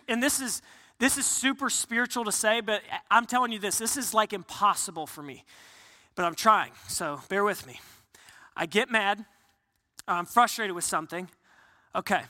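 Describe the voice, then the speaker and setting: A man's voice: high voice, moderate pace, pushed and bright, long reverb tail. A male pastor preaching in a casual, candid way, with joking asides to the congregation. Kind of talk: conversational sermon.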